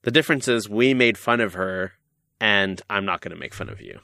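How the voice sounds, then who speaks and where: A young man hosting a casual podcast, reading listener mail aloud with quick jokey banter. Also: lowish voice, creaky, bright, forceful tone, no echo, clean studio sound. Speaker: podcast host.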